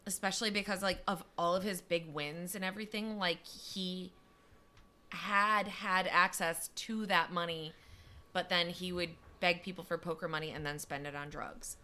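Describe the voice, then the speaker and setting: A woman's voice: fairly low pitch, fairly even intonation, pushed and bright. A young woman co-hosting a podcast, telling a story in a casual chat with lots of fillers. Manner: chatty, lots of fillers and quick asides.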